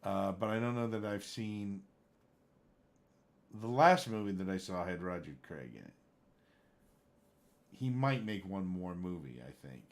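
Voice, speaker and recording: Rambling man with a lowish voice. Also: expressive, a little slow, pauses often. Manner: rambling, gets worked up, trails off searching for names. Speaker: livestream gamer chatting with viewers. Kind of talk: casual chat.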